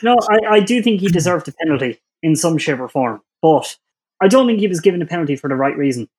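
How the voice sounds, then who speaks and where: A man with a fairly high, husky voice speaks on a casual panel. He walks through the facts step by step, with some hesitation over his final view. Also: expressive, darkish tone. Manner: measured, detail-focused, hesitant.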